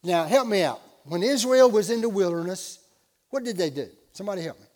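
A male pastor with a notably high voice delivers a sermon, moving from relaxed storytelling to loud, driving emphasis. His words ring out with a long reverb tail, as if from a church sanctuary. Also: brisk.

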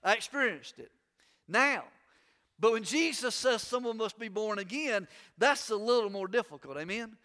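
A man's voice: high voice, animated, normal speed, sharp tone, big-room sound. A middle-aged pastor, a man, preaching an emphatic, fervent sermon with much repetition in a church. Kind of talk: sermon with opening prayer. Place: church sanctuary.

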